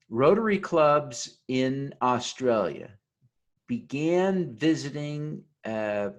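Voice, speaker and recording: Slow earnest man giving a keynote. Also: medium pitch, a little mellow. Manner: earnest, leads audience in an oath. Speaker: keynote speaker. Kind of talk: motivational conference talk.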